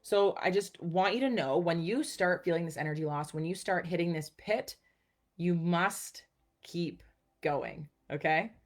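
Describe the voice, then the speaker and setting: A young adult woman with a notably low voice talks straight to her viewers like a personal growth coach. She keeps it casual and upbeat, checking in with "okay" and "guys" as she teaches. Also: a little slow. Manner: upbeat, chatty, says "okay" and "guys" a lot.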